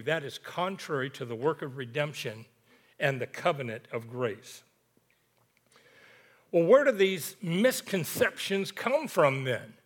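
A man's voice: fairly high pitch, a bit bright. A man preaching a sermon, reading scripture in an emphatic, rhythmic way that builds to peaks, then dropping into conversational asides to the congregation.

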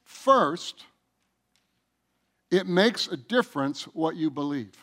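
A pastor delivers a sermon to his church in a high-pitched, slightly bright voice, speaking slowly and expressively. He draws his words out, presses each point home emphatically, and addresses the congregation directly.

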